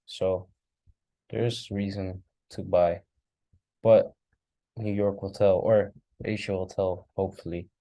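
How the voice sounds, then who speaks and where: A man's voice: lowish voice, dark tone, no echo. A man casually talking through a trading chart recap, thinking aloud and yawning now and then, recorded at a desk mic. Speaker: forex trader reviewing charts. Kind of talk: casual screen-share market recap.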